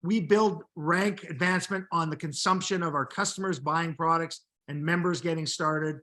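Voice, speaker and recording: A man's voice: a little high, normal speed, bright, forceful tone. A man hosting a live video call, explaining company rules steadily and point by point. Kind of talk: explanatory business talk.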